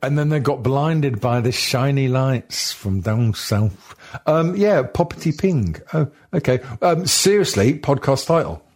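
Husky-voiced sweary man bantering. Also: medium pitch, expressive, darkish tone. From Wales. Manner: sweary, joking, with quick restarts. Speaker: podcast host. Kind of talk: casual banter.

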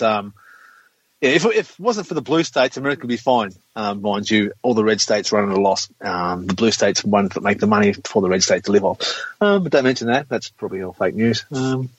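A man's voice: lowish voice, moderate pace. A man talking in a sarcastic, sweary way in a casual chat, ranting with dry jokes. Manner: sarcastic, sweary, rants about politics. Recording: dull lo-fi recording.

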